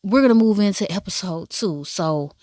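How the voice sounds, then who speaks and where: A woman giving a casual, profane and animated recap of a drama, with asides in a high voice. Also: normal speed, dry recording, studio quality. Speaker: drama reviewer.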